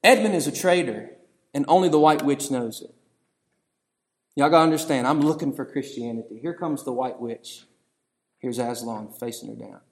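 A man, preaching a storytelling sermon that swings between hushed passages and shouting. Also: medium pitch, moderate pace.

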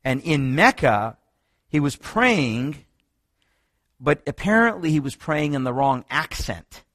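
A man preaching in a sermon-style teaching talk, telling stories with lively energy and frequent restarts. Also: takes it slowly, no room sound, clean studio sound. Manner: animated storytelling, many restarts, rising pitch when excited. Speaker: preacher teaching on another religion.

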